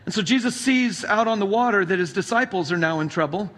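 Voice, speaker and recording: A man's voice: high-pitched, expressive, fast talker, fairly bright tone. A male pastor preaching a sermon, retelling stories casually and animatedly. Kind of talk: sermon storytelling.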